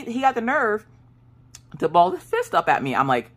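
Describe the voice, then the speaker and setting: A sassy woman in her late thirties tells a story on her vlog in casual chat. Her pitch swings widely as she acts out what everyone said. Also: moderate pace, pauses often. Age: 30s. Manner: animated, sassy, acts out quoted voices. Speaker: crafting vlogger.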